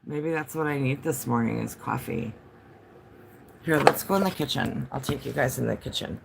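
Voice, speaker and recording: A man's voice: mid-range voice, normal speed, vocal fry, very noisy. A man chatting casually on a home livestream, rambling from topic to topic and answering viewer comments as they come in.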